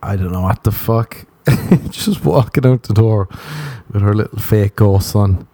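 Low, mellow-voiced man rambling through comic stories. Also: a little slow, dry recording. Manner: profane, self-mocking, laughs often; loose storytelling with asides. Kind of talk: rambling comedic monologue.

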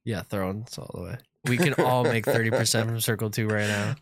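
A man's voice: lowish voice, brisk, dry recording, studio quality. A man working as intern on a casual podcast, blunt and matter-of-fact.

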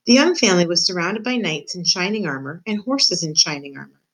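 A woman reads a children's novel aloud with steady, expressive storytelling. Her voice sits slightly low for a woman. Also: fairly quick, low-quality recording. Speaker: reader.

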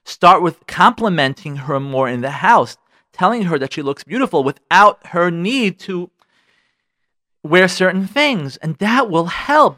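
A man's voice: sits high, a bit bright, no room sound, clean studio sound. A man hosting a radio advice show, talking frankly and getting worked up as he addresses listeners directly. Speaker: radio show host giving marriage advice. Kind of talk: animated advice talk.

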